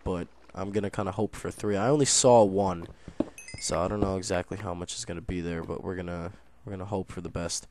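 A man's voice: sits low, a little fast. Jumpy young man narrating his gameplay. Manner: nervous, excitable, swings between mutters and loud exclamations. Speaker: gaming YouTuber. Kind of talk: let's play commentary.

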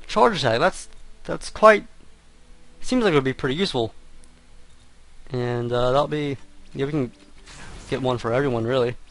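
A young man talks through his gameplay in loose, hesitant commentary, full of fillers and sudden exclamations. His voice is medium-pitched. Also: moderate pace, pauses often, a bit bright. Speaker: let's play commentator.

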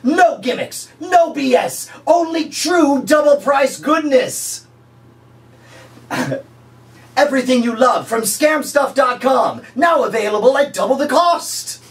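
A man putting on an over-the-top, scheming male infomercial pitchman who draws out his words and shouts his sales lines, recorded from a distance. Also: expressive, exaggerated voice. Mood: booming. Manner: booming, drawn-out sales shouting.

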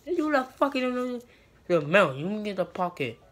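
A woman's voice: medium pitch, very animated, measured pace. A woman performing a brash, profane comedy skit, switching between characters.

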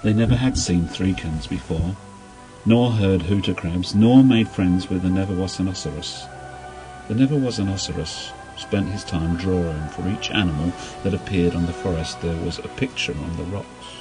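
A man gently reading a children's story aloud in an unhurried storybook manner. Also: low-pitched, over music, rough recording.

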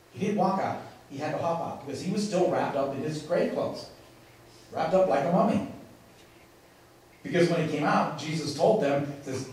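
A pastor delivers an emphatic sermon in a church sanctuary, using dramatic pauses. His voice is fairly high, animated and a little mellow. The recording is echoey, captured from far off in a large room.

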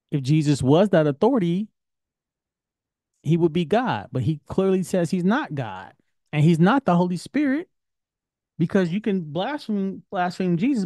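A man's voice: on the high side, warm tone, no echo. Casual, questioning male teacher. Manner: conversational, questioning, colloquial. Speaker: Torah teacher. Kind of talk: informal Bible study lesson.

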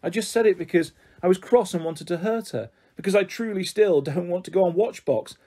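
A man's voice: high-pitched, fairly quick, dark tone. A man reading the part of a shy, anxious young schoolgirl in an audiobook, with a worried, self-doubting manner. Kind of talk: audiobook character voice.

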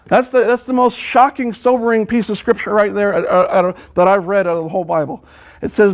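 Earnest male preacher with a high voice, sermon delivery full of restarts. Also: fairly even intonation, brisk. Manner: earnest, repeats words and restarts often; quotes scripture at length.

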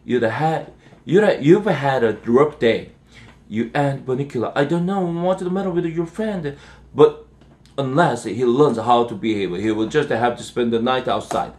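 A man's voice: mid-range voice, measured pace, darkish tone, lightly acted. A man reading aloud and voicing a fretful middle-aged wife with a cooing manner.

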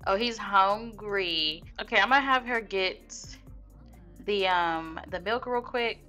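A woman's voice: mid-range voice, takes it slowly, pushed and bright, soft background music. A young woman casually commenting on her life-sim gameplay, chatty and slangy, laughing at what her characters do. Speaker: Sims let's play host.

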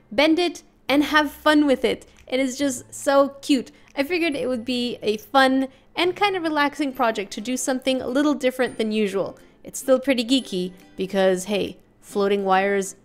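Woman, craft tutorial host, casual voice-over, playful asides, higher voice.

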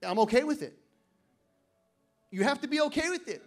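Soft background music plays as a male pastor preaches at a church service in a very high voice with lively intonation. He moves between loud, emphatic declarations and quiet, joking asides, and reads scripture slowly and deliberately.

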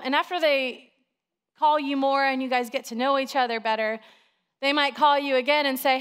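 A woman in her thirties, a pastor, preaching a sermon in a chatty, animated storytelling way with lots of fillers. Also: sits high, a little fast, clear, resonant tone.

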